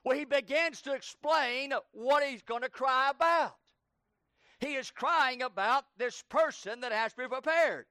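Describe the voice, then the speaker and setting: Very high-voiced impassioned male preacher. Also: clear, resonant tone, dry recording, clean studio sound. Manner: impassioned, swinging from shouts to hushed pleading; rapid piled-up lists. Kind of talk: sermon.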